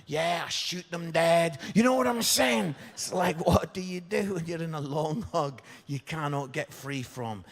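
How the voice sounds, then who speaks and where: A man in his fifties giving a humorous, animated sermon, joking with the congregation as he tells stories. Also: on the high side, measured pace, gravelly, few pauses. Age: 50s. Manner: animated, jokey, crowd-engaging. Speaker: preacher. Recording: long hall reverb.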